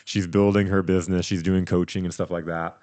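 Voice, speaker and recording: A man hosting a podcast, telling a story in casual chat, animated and rambling with restarts. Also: low voice, brisk, no room sound. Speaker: podcast host.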